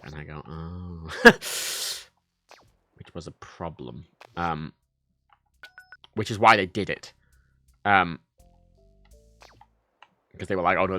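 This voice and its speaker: A young man livestreaming a game, rambling and mocking himself with sudden loud outbursts. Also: low-pitched. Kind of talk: casual gameplay chat.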